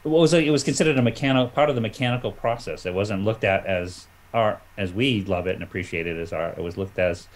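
A man with a very low voice, chatting as a guest comic artist. He rambles through old memories, with plenty of "you know" and restarts. Loose, unscripted conversation. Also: fast talker, hardly any pauses, poor audio. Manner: rambling with many fillers and restarts. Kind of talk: casual chat.

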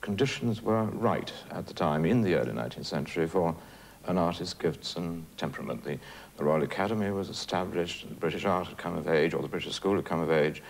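A man's voice: deep voice, brisk, vocal fry. A man reflecting on an artist's range for a documentary, thoughtful and hesitant, with many fillers. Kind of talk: documentary commentary.

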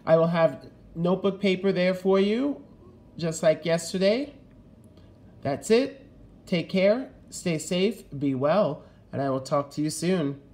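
A man's voice: high voice, measured pace, darkish tone. A man teaching a fifth-grade lesson in a recorded video, giving patient step-by-step instructions.

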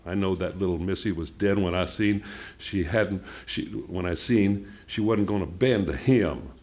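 A man reading the lines of a tough, cussing ranch mother who croons softly to a frightened horse. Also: low-pitched, measured pace. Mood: grim. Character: old Texan mother breaking a horse.

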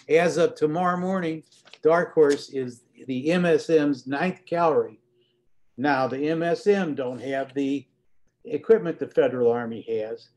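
A man's voice: on the high side, a little mellow, natural voice. A man voicing a proud, scheming male militia captain who talks up his plans boastfully. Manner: boastful, persuasive, rising enthusiasm.

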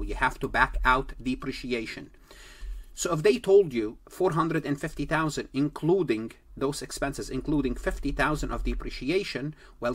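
A man's voice: mid-range voice, fairly bright tone, slightly rough. A man teaching an accounting lecture to students, explaining step by step and repeating key points for emphasis. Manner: speaks directly to students, pauses on key terms. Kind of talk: recorded lecture.

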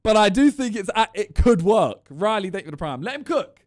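A man streaming his reactions to a video, talking casually with animated, joking asides. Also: sits high, a little fast.

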